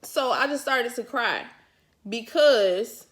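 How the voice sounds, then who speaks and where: Chatty woman with a raised pitch. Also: expressive, slow pace, fairly bright tone. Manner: casual, colloquial, chuckles often mid-sentence; talks straight to the audience. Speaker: vlogger. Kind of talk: storytime chat to viewers.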